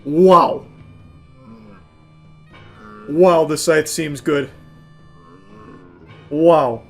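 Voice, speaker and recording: A man doing let's play commentary, shouting and swearing at the game and then dropping to low, dry asides. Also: fairly even intonation, extremely slow, faint music behind. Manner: drops to low, dry asides between outbursts. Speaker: gaming streamer.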